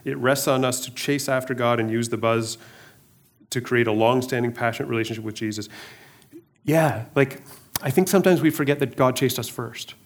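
A man's voice: mid-range voice, moderate pace. A middle-aged male pastor giving a casual sermon in a conversational way, often repeating words and restarting, with joking asides.

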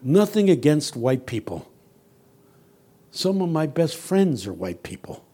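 Guy preaching a sermon, kinda high voice, cracking jokes, gets loud and shouty telling stories. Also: very animated, a little slow, breathy edge. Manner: storytelling, builds from quiet to loud and shouting; humorous, teasing the audience. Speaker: guest preacher.

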